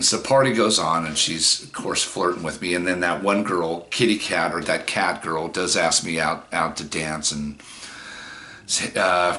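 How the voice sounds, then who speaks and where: A man's voice: low voice, pushed and bright. A man in his forties telling a personal story in a casual, rambling way, with plenty of swearing and fillers. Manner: rambling, profane, many fillers. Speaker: vlogger.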